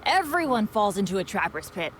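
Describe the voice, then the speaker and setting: A woman's voice: medium pitch, very animated, fairly quick, slight background noise. A woman voicing a cheerful, self-deprecating teenage boy adventurer in a video game, eager and bouncy. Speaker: game character. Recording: game audio with loud background music.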